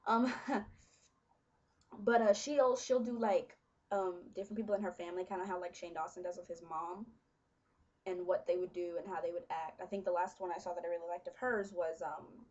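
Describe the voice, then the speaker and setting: A young woman chatting casually to her webcam, full of fillers and quick laughs. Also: fairly low pitch, steady tone, a little mellow, lo-fi sound. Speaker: vlogger. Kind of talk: casual chat.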